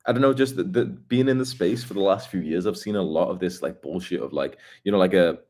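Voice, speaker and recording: A young man hosting a live stream, talking in a blunt, profane, rapid casual rant. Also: sits low, darkish tone. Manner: blunt and profane, with fast asides. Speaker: livestream host.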